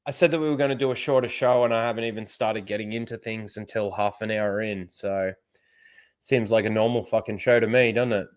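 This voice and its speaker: A man's voice: fairly low pitch, steady tone, a little fast. Swearing man streaming casually. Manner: swears freely, chuckles often. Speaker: livestream host. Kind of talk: casual livestream chat.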